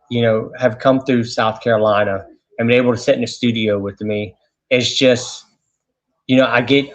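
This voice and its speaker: A man's voice: medium pitch, poor audio. A man, a radio host telling stories as an interview guest, chatty and full of fillers and restarts. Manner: animated anecdotes with many fillers and restarts. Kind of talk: casual storytelling interview.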